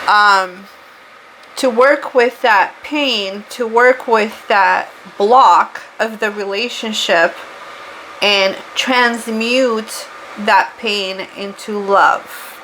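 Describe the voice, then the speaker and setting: A woman's voice: medium pitch, a bit bright, a little hiss or hum, rough recording. A woman from Portugal with a Portuguese accent, giving a casual, rambling spiritual card reading that drifts into chat and corrects itself as she goes. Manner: chatty, rambling, self-correcting. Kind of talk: casual tarot reading monologue.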